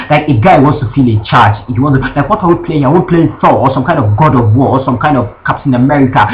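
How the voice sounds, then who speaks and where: Indignant young man ranting, lo-fi sound. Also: mid-range voice. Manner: animated, profane, indignant storytelling. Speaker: vlogger. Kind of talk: storytime rant. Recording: dull lo-fi recording.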